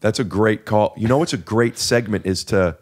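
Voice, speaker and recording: A man's voice: fairly low pitch, moderate pace. A man in his thirties hosting a podcast, telling a long, self-questioning story in a casual, rambling way. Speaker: podcast host. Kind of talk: casual chat. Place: podcast studio.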